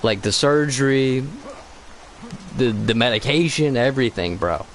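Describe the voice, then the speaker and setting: A man's voice: mid-range voice, expressive, unhurried, a little hiss or hum, low-quality recording. A man co-hosting a gaming channel, talking in a loose, rambling, profane way about a cartoon movie. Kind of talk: casual gaming commentary.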